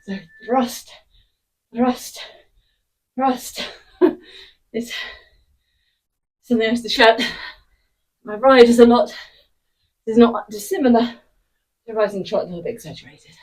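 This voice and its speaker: A fitness instructor talks a viewer through a hard interval workout, panting and out of breath as she goes. Her voice is mellow and sits a little high for a woman, and her pace is slow and unhurried. She sounds set back from the microphone. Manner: encouraging, short panting cues. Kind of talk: workout follow-along coaching. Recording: voice picked up from a distance.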